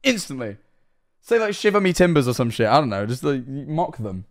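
A man's voice: mid-range voice, very animated, normal speed. A young man casually reacting to videos on stream, rambling, swearing freely and laughing often.

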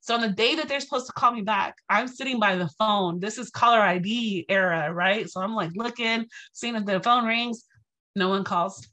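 A woman's voice: medium pitch, moderate pace. A woman from Texas giving a storytelling lecture to a live audience, acting out quoted lines and speaking to the crowd directly. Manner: animated, acts out quotes, addresses audience directly. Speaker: guest speaker.

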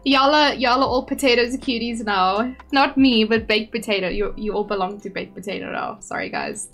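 A young woman streamer talks casually to her chat in a fairly high, bubbly voice, self-deprecating and quick to giggle. She sits at a home setup on a desk mic. Soft game music plays behind her. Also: expressive.

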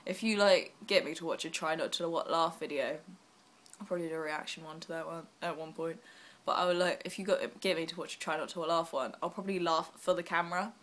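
A young woman vlogging casually while she is unwell, rambling and self-deprecating with quick asides. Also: low-pitched, steady tone, a bit bright. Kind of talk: casual vlog chat.

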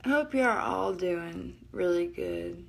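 A middle-aged woman with a Southern drawl from the Alabama hills chats on a live stream from her home. Her voice is lowish and gravelly with a slow, unhurried pace. She rambles, restarts her sentences and laughs a lot. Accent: Southern US, northeast Alabama. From northeast Alabama. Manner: rambling, self-interrupting, laughs often. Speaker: livestream host. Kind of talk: casual live-stream chat. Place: at home at night.

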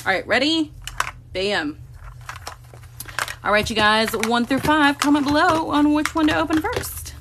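A woman's voice: high-pitched, measured pace, background noise. A woman hosting a casual live stream from a room at home, chatting to viewers and cooing baby talk to her cats.

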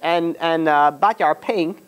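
A man's voice: a little high, measured pace, clear, resonant tone. A man teaching an informal class as a rabbi, retelling a story conversationally, slipping into the characters' lines and fielding questions from students in the room.

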